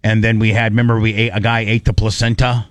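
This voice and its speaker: A man hosting a radio show, telling stories in an animated, excitable way with many restarts. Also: fairly low pitch, quick pace, no echo. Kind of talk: casual storytelling chat.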